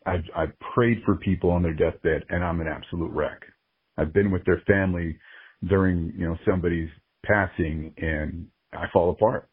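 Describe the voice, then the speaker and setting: A man's voice: low-pitched, fairly even intonation, moderate pace, slightly rough, no echo. A man speaking as a podcast guest, earnest and openly emotional as he reflects candidly on his life. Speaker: guest, sports ring announcer. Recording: phone-like narrow-band audio.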